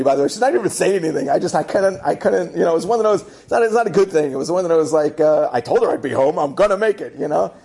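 Gravelly, husky man; animated comic storyteller who acts out lines and laughs along. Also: fast, few pauses. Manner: animated, acts out other people's lines with jumps in pitch; laughs through the telling.

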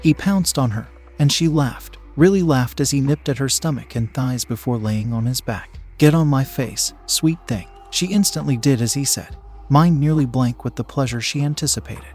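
Husky male narrator of an adult story. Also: mid-range voice, moderate pace, a little mellow, faint music behind.

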